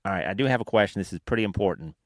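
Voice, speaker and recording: A man's voice: low-pitched, expressive, rapid-fire, no echo, clean studio sound. A man with a Southern American accent hosting a casual podcast, telling rambling, self-deprecating stories. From Alabama, United States. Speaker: podcast host.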